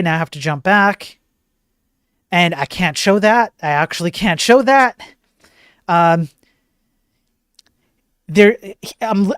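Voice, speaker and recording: A man's voice: sits high, clean tone, no echo, clean studio sound. A man hosting a livestream, commenting casually on videos as he plays them, swearing often, repeating himself and reading on-screen text aloud. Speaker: livestream host.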